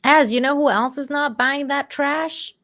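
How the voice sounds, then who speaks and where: A woman's voice: high-pitched, a little slow, a bit bright. A woman on a comic book panel, talking bluntly with a lot of swearing. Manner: blunt and profane. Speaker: panel guest. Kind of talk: casual heated chat.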